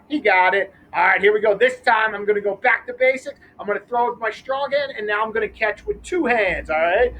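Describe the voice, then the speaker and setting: A man's voice: high voice, fairly bright tone, slight background noise, low-quality recording. Upbeat man coaching kids outdoors. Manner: upbeat, counting catches aloud. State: out of breath. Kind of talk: teaching a backyard ball game to kids. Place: outdoors at a school.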